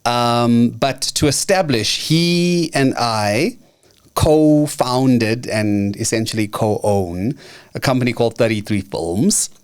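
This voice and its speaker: A man's voice: medium pitch, slow, smooth. A man from South Africa hosting a podcast interview in a casual, upbeat way, laughing often. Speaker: podcast host.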